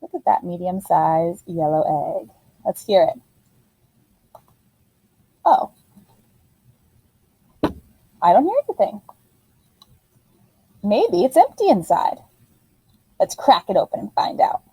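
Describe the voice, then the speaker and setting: A woman teacher giving a phonics lesson to young children in an animated, sing-song voice. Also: fairly low pitch, slow, pauses often, breathy edge, no echo, low-quality recording.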